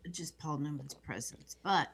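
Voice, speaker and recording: A woman co-hosting a casual chat about a film, measured and thoughtful in how she talks. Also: low voice, vocal fry, husky. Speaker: podcast co-host.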